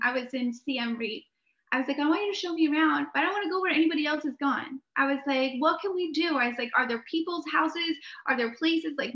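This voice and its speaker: A young adult woman, a podcast guest, telling a story in an animated way, laughing often and full of filler words. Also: high-pitched. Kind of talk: storytelling in a conversation. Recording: echoey room, dull lo-fi sound.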